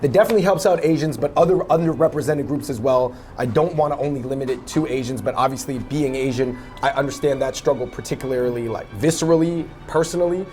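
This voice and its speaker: A man's voice: medium pitch, quick pace, hardly any pauses, a little mellow, soft background music. Rambling young man chatting in a dessert shop. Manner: rambling, lots of fillers and restarts. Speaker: web video host. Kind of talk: casual interview chat.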